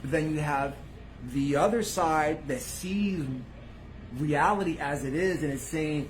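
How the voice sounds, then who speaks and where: A man hosting his own channel, talking casually to viewers in street slang. He swears freely and swings between low mutters and loud bursts. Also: unhurried, a little hiss or hum. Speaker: channel host.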